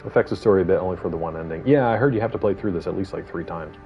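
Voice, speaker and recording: A man in his forties chats and jokes with his viewers while playing through a game live. His voice sits on the low side, and the mic sounds a little dull with faint game music behind him. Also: very fast. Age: 40s. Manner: rambling, joking, chatting with viewers. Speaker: streamer. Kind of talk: casual live gameplay commentary.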